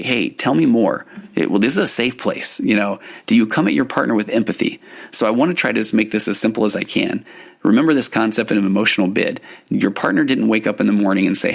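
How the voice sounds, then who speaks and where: A middle-aged man with a low, gravelly voice talks through couples' communication on his podcast. He speaks as a therapist, in a relaxed conversational way, and now and then voices a partner's words. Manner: conversational, acts out quoted partners, restarts and fillers. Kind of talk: solo podcast teaching.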